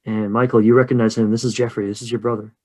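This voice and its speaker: A male game master narrates a horror tabletop game in a medium voice. His description is slow and measured, and he often lets it drop quiet. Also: fairly low pitch, little pitch movement.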